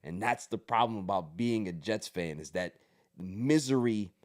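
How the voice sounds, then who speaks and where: A man hosting a sports podcast in casual commentary, animated, ranting and joking about his team. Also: on the low side, measured pace. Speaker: podcast host.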